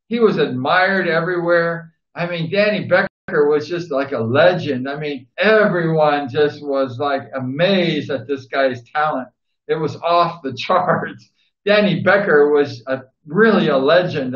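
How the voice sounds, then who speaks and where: In a roomy, dull lo-fi recording, a man offers a casual spoken tribute to a speedway rider, rambling and repeating himself with enthusiasm. His voice is on the high side and a bit bright.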